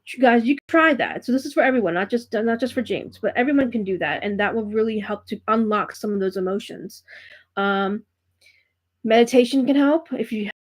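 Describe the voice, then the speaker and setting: A woman giving a live tarot reading, speaking gently and reassuringly to a viewer, with frequent fillers and restarts. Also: mid-range voice. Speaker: tarot reader and spiritual coach hosting a live reading. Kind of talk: live-stream chat with viewers.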